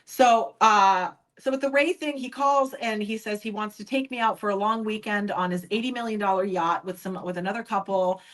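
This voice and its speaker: Woman podcast guest, mid pitch, candid storyteller who acts out quotes. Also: moderate pace, few pauses, fairly bright tone, low-quality recording. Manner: candid, acts out other people's lines when quoting. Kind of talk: personal storytelling in an interview.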